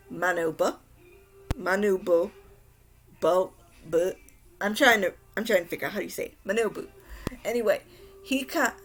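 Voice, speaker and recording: A young woman giving a casual anime recap, rambling and exasperated, with frequent restarts. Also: medium pitch. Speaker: anime reviewer.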